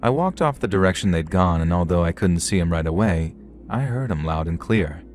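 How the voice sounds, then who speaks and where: Male horror narrator, deep low voice, steady scripted storytelling. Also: a little fast, faint music behind.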